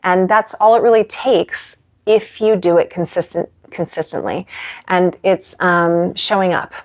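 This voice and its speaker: A woman's voice: lowish voice, steady tone, unhurried. Woman, yoga instructor, casual chatty talk, home live stream, slightly muffled audio. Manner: chatty and warm with pets, laughs often. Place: home living room.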